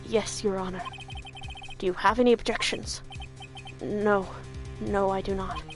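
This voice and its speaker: Brief: woman voicing a cold, proud male prosecutor, dropped low and quiet, clipped delivery. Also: flat delivery, a little slow, over music, lightly acted. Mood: subdued.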